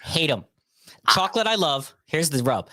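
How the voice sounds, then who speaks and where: A man hosting a casual podcast, joking and building emphatic playful rants. His voice sits a touch high and sounds dry and close, with no room around it. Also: very animated, normal speed, sharp tone, no echo. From Northeast Ohio. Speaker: podcast host.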